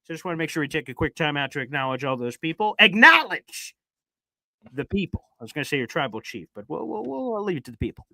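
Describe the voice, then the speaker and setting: A man hosting a live sports stream, chatty and energetic, talking fast. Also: on the high side, dry recording. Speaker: podcast host. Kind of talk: casual live-stream chat.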